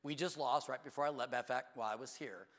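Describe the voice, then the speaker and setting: A man preaching a sermon as a pastor, telling stories in an animated way and jumping to loud, high exclamations. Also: fast, in a large hall.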